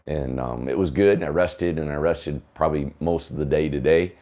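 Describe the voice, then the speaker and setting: A man, hoarse from a sore throat, hosting a casual livestream chat and rambling with many fillers. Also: rumbling low, moderate pace, dark tone, muffled recording. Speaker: host of a tiny homes livestream.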